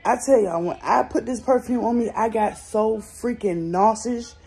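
A woman's voice: fairly high pitch, normal speed, darkish tone, breathy edge. A young woman with a Southern American accent, chatting casually and bluntly to her viewers, swearing freely, recorded at home on a phone. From Southern United States. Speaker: vlogger. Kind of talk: casual vlog chat. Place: at home, in bed.

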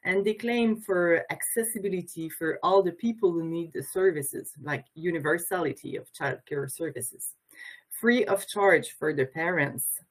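Low-voiced woman with a Quebec French accent. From Quebec, Canada. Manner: hesitant, many fillers and restarts, non-native phrasing. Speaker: childcare educator and union representative. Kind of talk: symposium presentation. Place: home, video call. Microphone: video call mic.

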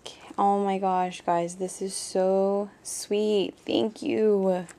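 Young woman doing an unboxing vlog, slow and gushy, keeps saying oh my gosh. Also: medium pitch, flat delivery, warm tone. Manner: gushing, repeats "oh my gosh", talks to viewers as "guys". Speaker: crafting vlogger.

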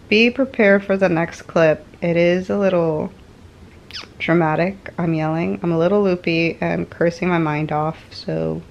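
A young woman vlogs casually to camera in a lowish, gravelly voice, with background noise. She's candid and chatty, swearing freely.

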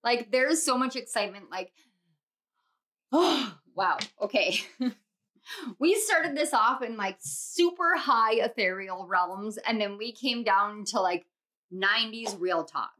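Young woman, tarot reader, casual, bubbly, gushing, bright voice, slightly high. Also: expressive, slow pace, slight background noise. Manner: bubbly, gushing, breaks into laughs and squeals. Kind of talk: casual tarot reading to viewers.

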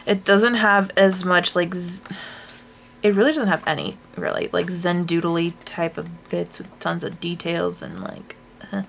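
Rambling woman with a gravelly voice. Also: lowish voice, expressive, measured pace, slight background noise. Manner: rambling, self-deprecating, with sighs and hushed asides. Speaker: craft vlogger. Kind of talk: casual chat showing coloring books.

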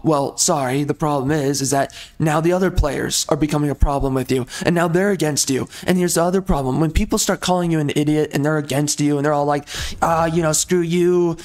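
A man's voice: on the high side, darkish tone. A man hosting a gaming channel, ranting in a frustrated, rambling monologue with repeated phrases and mild swearing.

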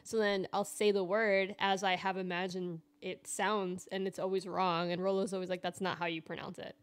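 A woman co-hosting a gaming stream, reading the chat and telling relaxed, wry anecdotes. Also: on the low side, moderate pace, clean tone, no echo. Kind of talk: casual chat.

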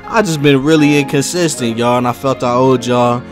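Loud slangy man over music. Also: medium pitch, fairly even intonation, normal speed. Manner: loud, laid-back, slangy. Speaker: gaming YouTuber. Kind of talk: casual vlog talk to viewers.

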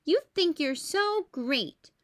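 A woman's voice: high-pitched, lively intonation, slow, a bit bright, voice pushed up, full character voice. A woman doing a whiny little girl. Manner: whiny, eager.

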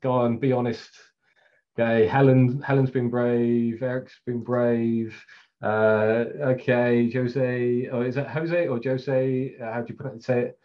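A man's voice: medium pitch, flat delivery, unhurried. A middle-aged Englishman with an English accent, a Scrum trainer giving a casual, chatty presentation with fillers and frequent laughs over a video call. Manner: chatty, self-deprecating, laughs often, many fillers. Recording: slightly dull, lo-fi webcast audio.

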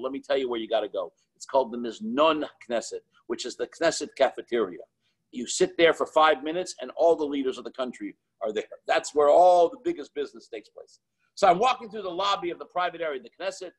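Middle-aged male rabbi, husky, higher-pitched storyteller, lively anecdotes. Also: low-quality recording. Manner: animated anecdotes with quoted dialogue and filler restarts. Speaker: Chabad rabbi and author. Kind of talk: storytelling talk.

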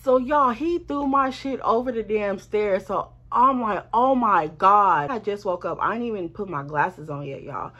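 A woman telling a storytime to her viewers in a lively, profane, chatty way, speaking straight to them. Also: medium pitch, moderate pace, hardly any pauses, highs cut off. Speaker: vlogger. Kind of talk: casual storytime.

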